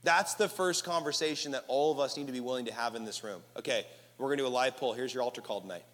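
A male pastor preaching to a live crowd, energetic and casual, leading the room in call-and-response. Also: mid-range voice, fast talker. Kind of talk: sermon. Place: large hall with live audience. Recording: echoey hall reverb.

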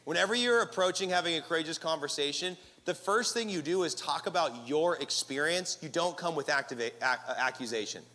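A male pastor preaching to a live crowd, energetic and casual, leading the room in call-and-response. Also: on the high side, fairly quick, few pauses. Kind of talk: sermon. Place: large hall with live audience. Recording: echoey hall reverb.

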